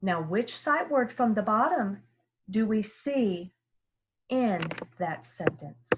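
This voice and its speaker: This woman speaks as a classroom teacher recording a reading lesson. Her delivery is unhurried and patient, with every word pronounced carefully and repeated for small learners. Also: medium pitch, animated, a little hiss or hum. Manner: slow, careful, sounding words out clearly. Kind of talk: early-grade reading lesson.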